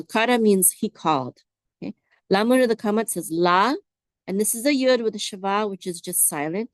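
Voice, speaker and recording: A woman teaching biblical Hebrew word by word, slowly sounding out letters and asking listeners to repeat after her. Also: medium pitch, no room sound. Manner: slow, drawn-out repetition, prompting listeners to say words back. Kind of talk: slow, patient word-by-word Hebrew lesson.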